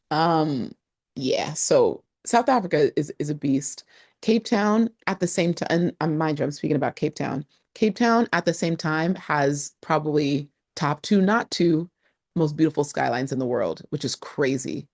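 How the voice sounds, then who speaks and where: A woman with a low voice talks casually to camera as a travel vlogger. She is animated and expressive and throws in plenty of asides. The sound is dry and close, with no room echo. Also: moderate pace. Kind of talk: casual talking-to-camera vlog.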